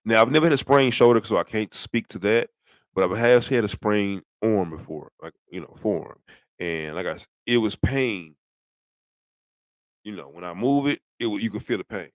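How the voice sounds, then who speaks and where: This middle-aged sports commentator speaks in a lowish voice at a moderate pace, with no echo. His casual football rant is blunt and rambling, full of rhetorical questions.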